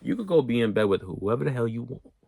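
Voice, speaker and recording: An animated young man tells a storytime in casual, profane bursts, slipping into the voices of the people in his story. His pitch sits in the middle and he is recorded close on a dry mic. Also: fast talker, creaky, no room sound. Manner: animated, profane, acts out quotes. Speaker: storyteller vlogger.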